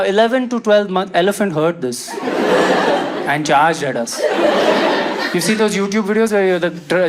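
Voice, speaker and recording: A man performing a stand-up comedy set, telling an animated story, acting out quotes and bursting into loud indignation. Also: on the high side, normal speed, a loud crowd. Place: comedy stage before a live audience. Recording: stage set with loud audience laughter and noise.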